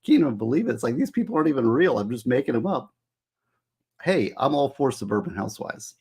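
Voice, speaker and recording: A man with a somewhat husky, mid-pitched voice talks casually to his livestream audience. He muses aloud, asks the chat what they think, and weighs their answers as he goes. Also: sing-song, quick pace, a little mellow. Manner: musing aloud, asking chat for opinions. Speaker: author hosting a livestream.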